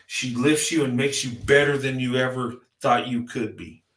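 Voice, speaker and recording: A man's voice: medium pitch, moderate pace, a bit bright, echoey room. A man in his fifties giving a heartfelt vlog monologue, earnest and emphatic, building his points through repetition. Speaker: vlogger.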